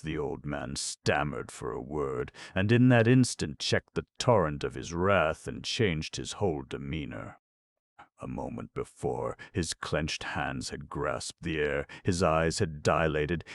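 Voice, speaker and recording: A man narrating a classic novel as an audiobook, in measured, dramatic storytelling. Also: rumbling low, no echo, studio quality.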